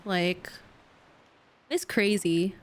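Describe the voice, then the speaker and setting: A young woman streaming a video game and chatting casually with a friend. She speaks in a laid-back, teasing way, drawing her replies out slowly. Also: on the low side. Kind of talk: casual chat while gaming.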